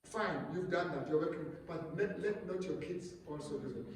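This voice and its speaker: Man, South African isiXhosa-speaking accent, pastor, sermon, high voice, echoey hall, distant mic. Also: normal speed, noisy background. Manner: animated, repeats words, mimics a parent calming a child. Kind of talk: sermon at a couples retreat. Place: conference room at a resort. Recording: roomy hall, voice from far off.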